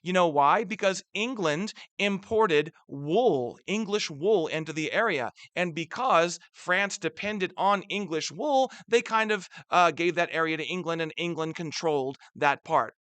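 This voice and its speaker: A man teaching a history lesson over a map in a chatty way, asking rhetorical questions, checking in with his class and punching key words louder. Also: on the high side, a little slow, few pauses, dry recording. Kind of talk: recorded lecture over a map.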